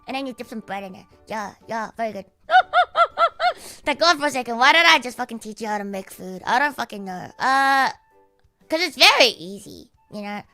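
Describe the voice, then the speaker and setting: Sweary Australian girl streamer, bright voice. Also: lively intonation, brisk, no echo, soft background music. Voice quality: high, cute anime-like voice. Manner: sweary, rambling, laughs often. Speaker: livestreamer. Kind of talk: casual livestream chat.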